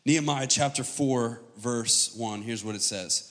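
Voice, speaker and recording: A pastor with an American accent preaching a sermon, mixing jokes with dramatic scripture reading. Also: male voice, medium pitch, unhurried, a bit bright, long reverb tail. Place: church stage with long reverb.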